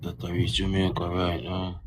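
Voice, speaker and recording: A man's voice: sits low, completely flat delivery, normal speed, heavy background noise. A man chatting casually on a live podcast, chiming in with brief agreements. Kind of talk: casual live-stream chat.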